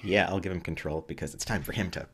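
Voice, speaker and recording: Player, man, very low and husky, dry self-mocking asides. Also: fast, a bit bright. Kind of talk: casual tabletop game play.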